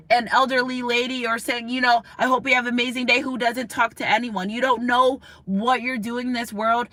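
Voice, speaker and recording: A woman's voice: fairly high pitch, pushed and bright, dry recording. A woman giving a spiritual tarot reading straight to her viewers, emotional and passionate, often repeating herself and asking "okay?". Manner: repeats words, asks "okay?". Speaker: tarot reader.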